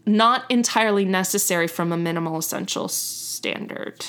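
A woman's voice: medium pitch, normal speed, fairly bright tone, smooth. Chatty young woman telling a story. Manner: chatty, self-correcting, laughs at own slips. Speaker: podcast host. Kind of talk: casual storytelling chat.

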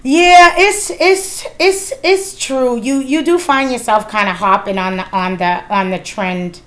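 A woman's voice: fairly high pitch, fairly even intonation, unhurried. A woman in her thirties hosting a casual chat, candid and swearing freely, with lots of fillers. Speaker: podcast host.

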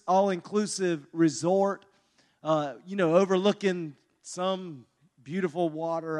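A man speaking at a marriage conference, telling his own story with self-mocking humor and laughing between lines. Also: sits high. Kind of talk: humorous personal testimony talk.

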